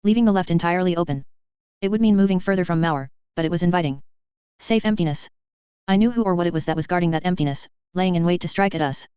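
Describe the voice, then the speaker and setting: A woman narrating a novel in the first person, with steady, tense storytelling. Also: lowish voice, fast, clear, resonant tone, no echo. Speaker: audiobook narrator. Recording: slightly dull, dry close recording.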